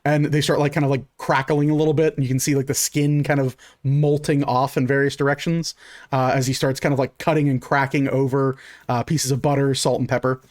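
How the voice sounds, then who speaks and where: A man's voice: medium pitch, level tone, brisk, no room sound, studio quality. A man narrating as game master in a loose, rambling way with many fillers.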